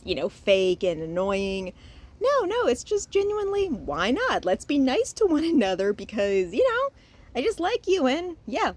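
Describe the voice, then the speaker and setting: A woman from Louisiana giving a casual spoken review, chatty and expressive, recorded outdoors. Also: a little high. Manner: chatty and expressive, with frequent laughs and sighs. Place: outdoors in a cemetery.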